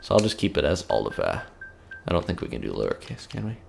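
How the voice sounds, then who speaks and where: A man's voice: sits low, huge pitch swings, fast talker, vocal fry, faint music behind. A man giving casual, jokey gameplay commentary, laughing often and reading game text aloud.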